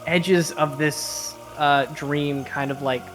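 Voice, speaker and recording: Male game master, slightly high voice, loose narration, faint music underneath. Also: fairly even intonation, slow. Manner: loose, filler-heavy narration.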